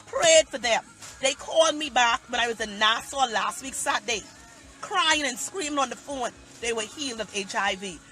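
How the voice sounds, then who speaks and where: A pastor preaches live into a phone. The voice sits high and sounds bright and forceful. The delivery is emphatic and full of repeated lines, with faint music underneath. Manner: emphatic, repetitive, dialect-heavy preaching. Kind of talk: impassioned preaching on a phone livestream. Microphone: phone livestream.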